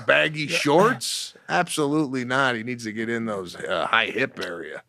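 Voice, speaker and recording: A man co-hosting a podcast in casual comedic banter, starting with halting restarts and landing lines deadpan. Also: medium pitch, vocal fry, no room sound. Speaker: podcast co-host.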